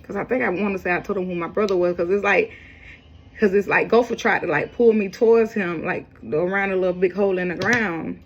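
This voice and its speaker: A woman telling a personal story in a loose, rambling way, jumping up in pitch when she quotes people. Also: a little fast, muffled recording, slight background noise. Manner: casual, rambling, quoting others with raised pitch. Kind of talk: casual storytelling.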